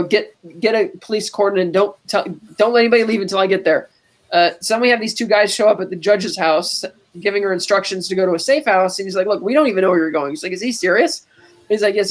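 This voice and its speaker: A woman's voice: mid-range voice, fast talker. A woman co-hosting a podcast, casually retelling movie scenes and quoting the characters as she goes. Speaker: podcast co-host.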